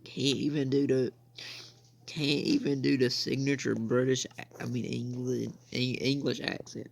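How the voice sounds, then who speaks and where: A man's voice: mid-range voice, level tone, measured pace, vocal fry. A young man from the United States rambling through casual gameplay commentary, saying "I mean" and "bro" again and again. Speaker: gaming channel host.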